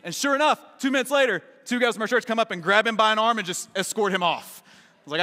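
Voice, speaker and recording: Joking pastor in a reverberant hall. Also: male voice, high-pitched, fast talker, bright, forceful tone. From Kentucky. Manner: conversational and joking, lots of "right?" and "man". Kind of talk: casual sermon. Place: large church auditorium.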